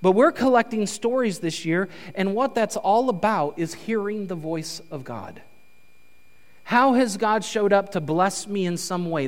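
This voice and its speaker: A male pastor giving a conversational, animated sermon in a church. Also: high-pitched. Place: church sanctuary. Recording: reverberant church hall.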